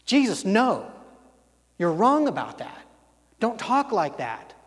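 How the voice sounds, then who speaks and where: A man's voice: sits high, wildly swooping pitch, slow, full character voice. A man preaching a sermon, acting out an alarmed male disciple who urgently protests. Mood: protesting. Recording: long hall reverb.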